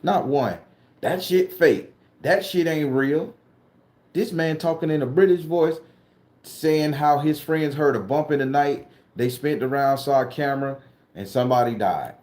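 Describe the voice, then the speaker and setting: A man's voice: mid-range voice, normal speed, a little mellow, reverberant. A man from southern Florida, a spooky-story vlogger and tarot reader, ranting bluntly and profanely to camera. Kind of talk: casual ranting monologue to camera.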